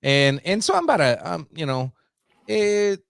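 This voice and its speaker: A man's voice: a little high, very animated, moderate pace, gravelly, smooth, no echo, clean studio sound. A man hosting a podcast who tells a rambling, profane story in a casual way, full of fillers, and calls himself a simple country boy. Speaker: podcast host.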